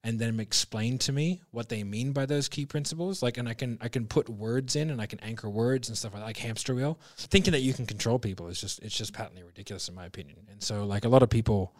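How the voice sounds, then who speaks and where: A man's voice: mid-range voice, fast talker, few pauses, dry recording, studio quality. A man talking sales as a podcast guest, blunt and emphatic, swearing freely and restarting his sentences often. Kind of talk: casual podcast conversation.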